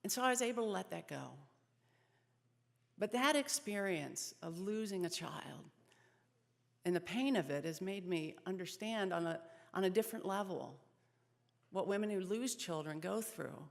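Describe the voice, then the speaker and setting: A woman's voice: medium pitch, lively intonation, normal speed, creaky. A woman in her thirties giving an earnest personal testimony as a speaker at a pregnancy center event. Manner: earnest storytelling, softening in sad moments. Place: event hall. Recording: long reverb of a hall.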